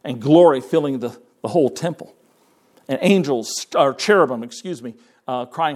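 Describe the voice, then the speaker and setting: A man's voice: medium pitch, normal speed, a little mellow. A man preaching a sermon in a folksy way, repeating his words and quoting scripture in King James wording. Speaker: pastor.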